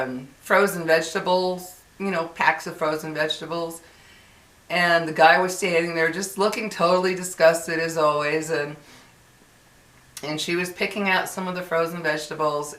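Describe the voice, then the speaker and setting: A woman's voice: lowish voice, fairly bright tone, echoey room. A woman vlogger venting in a casual, exasperated monologue full of fillers and restarts.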